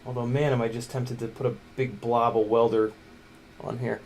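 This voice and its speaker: A man at an indoor workbench chats loosely with his stream while building a drone. He jokes and mutters, coaxing stubborn parts into place under his breath. A faint hiss sits behind his mid-pitched voice. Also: steady tone, takes it slowly, gravelly, long pauses. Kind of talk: casual livestream chat while building.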